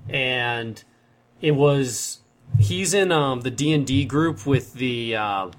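A man's voice: mid-range voice, takes it slowly. Young man telling a rambling story. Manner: rambling, self-correcting storyteller. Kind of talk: casual chat.

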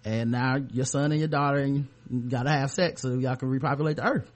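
A man's voice: mid-range voice, a little fast. A man hosting a comedic podcast in a casual, sarcastic, rambling way. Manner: sarcastic, joking, loose and rambling. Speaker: podcast host.

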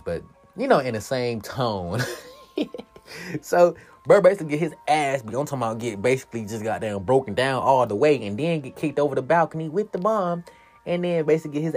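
A man talking through a movie scene by scene in loose, profane slang, laughing as he goes. His pitch sits in the middle of the male range, and faint music plays underneath. He acts out the characters' lines himself. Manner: profane, animated, laughs often, acts out quotes. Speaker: movie recapper. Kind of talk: casual movie recap monologue.

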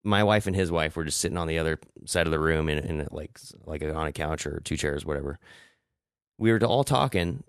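Man, very low voice, animated storyteller, profane, casual podcast chat, dry close sound. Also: brisk, smooth, dry recording. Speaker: podcast co-host.

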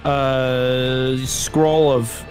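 A young man with a mid-range voice stretches out his words while animatedly recounting a movie plot in casual comedic podcast chat as co-host. He laughs and imitates squawking birds, with music behind him.

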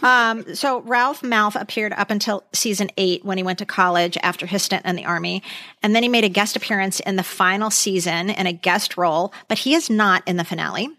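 A woman's voice: mid-range voice, fairly even intonation, brisk, pushed and bright, no echo. A woman co-hosting a podcast, sharing candid opinions in a casual, giggly way. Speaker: podcast co-host. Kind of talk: casual chat.

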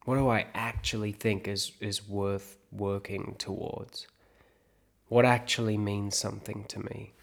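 A man's voice: fairly low pitch, level tone, measured pace, gravelly. A man from South Africa, an actor and podcast host, thinking aloud in a reflective monologue and talking himself through his own questions.

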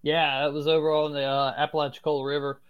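Talking fast in a level, slightly high voice, this Florida podcast guest has a strong Southern accent; the tone is clean with the highs cut off. He's laid-back and curses freely while telling casual stories.

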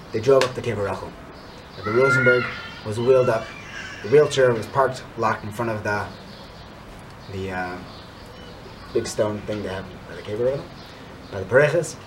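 A man telling a story in a weekly Torah talk, dropping to a hushed tone for tense moments and rising when he urges his listeners on. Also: mid-range voice, noisy background. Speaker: Torah speaker.

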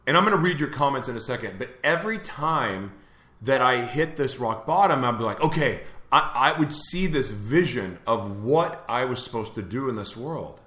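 A man's voice: medium pitch, lively intonation, moderate pace, pushed and bright. Earnest man telling his story in an echoey room. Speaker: host. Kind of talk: live confessional talk show.

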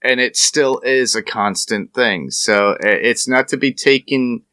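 A man's voice: mid-range voice, unhurried, bright, forceful tone, no echo. A man chatting casually on a podcast, explaining things in an easygoing way and swearing freely.

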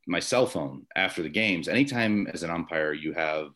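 Speaking at a moderate pace with lively intonation, the Chicago-area man has a deep, fairly bright voice. As a guest and former baseball umpire, he tells stories in a conversational interview from his home office, full of rambling restarts and fillers.

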